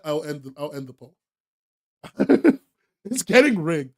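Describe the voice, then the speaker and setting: A young man with a high, light voice, hosting a live stream and talking straight to his chat. He laughs often and throws himself into exaggerated, joking outrage. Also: big pitch swings, measured pace, gravelly, long pauses, darkish tone.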